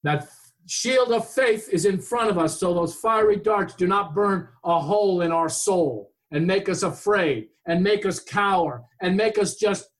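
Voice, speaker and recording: A man's voice: high-pitched, unhurried. A man preaching a sermon, reading Bible verses aloud and explaining them earnestly to his congregation. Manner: reads King James verses then explains them earnestly.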